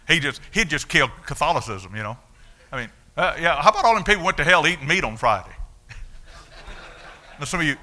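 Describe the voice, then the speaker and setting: A man, preaching a sermon as a story of his own life, dropping low and then shouting out the punch lines. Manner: storytelling, swings from hushed to shouting. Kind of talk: sermon testimony.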